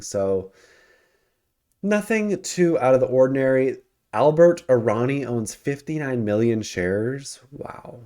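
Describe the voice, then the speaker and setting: A man's voice: medium pitch, dark tone, clear, resonant tone. A man hosting a casual stock commentary over his screen, talking loosely with many ums and self-corrections. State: yawning and hiccuping. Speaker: investing channel host.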